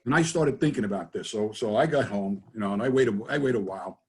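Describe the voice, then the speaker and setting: A man's voice: fairly low pitch, quick pace, a little mellow, slightly rough. A man speaking as a guest in a webinar interview over a video call, telling stories in a rambling, joking way with many restarts. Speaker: guest, business trainer. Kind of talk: casual storytelling in a webinar interview.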